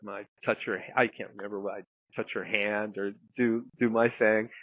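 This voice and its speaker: A man's voice: on the low side, flat delivery, normal speed, a bit bright, no room sound, dull audio. A man guest telling a long story in casual, rambling talk, full of fillers and the odd swear word. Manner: rambling anecdote with many fillers and some swearing. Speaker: guest therapist.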